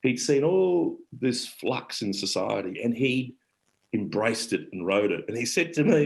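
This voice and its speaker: A gravelly, mid-range, sing-song voice at normal speed belongs to a middle-aged Australian man, a guest actor and storyteller, heard on a rough recording. His casual conversational storytelling is warm-hearted and rambling, full of broken-off sentences.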